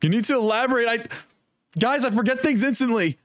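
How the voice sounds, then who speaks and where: A young man streaming a video game, chatting casually in a rambling, jokey, excitable way and swearing often. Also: very high-pitched, a little fast, dry recording. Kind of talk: casual live-stream gaming chat.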